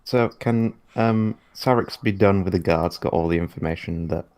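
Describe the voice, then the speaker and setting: A man's voice: low-pitched, normal speed, a little mellow. A man playing a tabletop game, describing his moves hesitantly with many fillers. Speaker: player.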